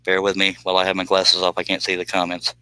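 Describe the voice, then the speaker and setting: Low, forceful man. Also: monotone, quick pace, clean tone, poor audio. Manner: joking, chatty, reads out viewer comments. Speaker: livestream host doing scroll saw work. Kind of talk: casual live-stream chat.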